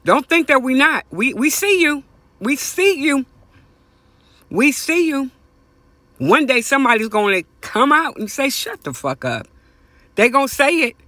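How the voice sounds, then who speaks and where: A man hosting a podcast, delivering a passionate, profane opinion rant that repeats phrases for emphasis and swings from high exclamations to low mutters. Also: lively intonation, a little slow, pushed and bright, dry recording. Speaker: podcast host. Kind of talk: ranting opinion monologue.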